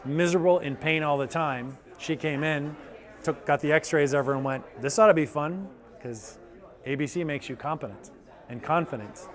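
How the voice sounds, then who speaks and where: A man's voice: a little high, moderate pace. A male chiropractor giving an enthusiastic testimonial, telling patient stories and acting out their reactions. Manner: enthusiastic, animated storytelling with quoted patients. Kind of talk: testimonial interview.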